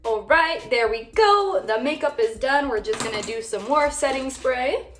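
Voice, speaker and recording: A woman's voice: high voice, animated, moderate pace, fairly bright tone, reverberant. A young woman vlogging casually while doing her makeup, bubbly and chatty with lots of "like" fillers. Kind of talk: casual get-ready-with-me chat.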